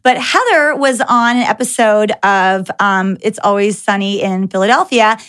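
A young adult woman hosting a podcast, telling anecdotes in an animated, filler-heavy casual chat. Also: medium pitch, normal speed, smooth. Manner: animated storyteller with many "like" fillers. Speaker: podcast host.

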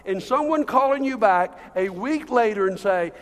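A man preaching a sermon in a church, conversational, with slow emphatic phrases. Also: sits high, lively intonation, in a large hall. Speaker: pastor.

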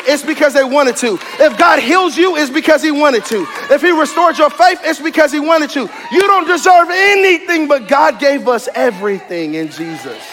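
A pastor preaching in a strikingly high voice, loud and animated, mixing jokes with shouted emphasis. He drives points home through repetition and rising intensity. The sound carries the long, trailing reverb of a large church sanctuary. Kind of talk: sermon.

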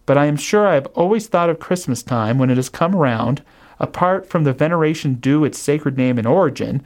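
Earnest young nephew voiced by a male reader, pleading, pitched well up, storybook reading. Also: lively intonation, brisk, lightly acted. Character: earnest, cheerful young man pleading with his uncle.

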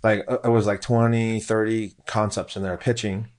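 Animated man telling a story. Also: on the low side, moderate pace. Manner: animated, acts out quotes in a raised voice; frequent restarts and fillers. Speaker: food truck owner, guest. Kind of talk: casual storytelling.

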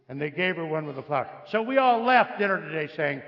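A raised, gravelly man preaches to a congregation, swinging between jokes and pointed questions as he tells his stories. The recording is dull and lo-fi. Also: on the high side, sing-song, quick pace, hardly any pauses. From United States. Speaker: visiting preacher. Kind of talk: sermon.

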